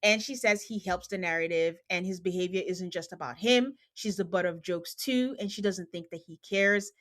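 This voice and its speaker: A woman's voice: fairly low pitch, normal speed. A woman hosting a podcast, casually recapping a reality show and acting out what people said. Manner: quotes people in animated retellings. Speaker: podcast host.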